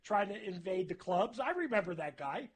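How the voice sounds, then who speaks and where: A radio host with a high, very animated voice chats at normal speed with an old friend, ribbing him and laughing a lot in a chummy, casual interview. There is slight background noise.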